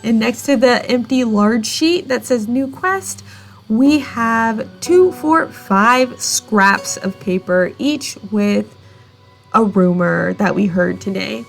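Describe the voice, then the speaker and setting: A woman's voice: on the high side, slow, gravelly, faint music behind. A woman narrating a cozy game in casual let's-play style, with playful asides and mouth sound effects. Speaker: gameplay podcaster.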